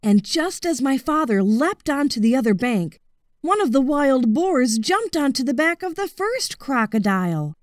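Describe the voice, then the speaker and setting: Woman, children's story narration, high lively voice, slow delivery, dry close-mic sound. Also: no room sound. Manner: expressive, deliberate read-aloud. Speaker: audiobook reader.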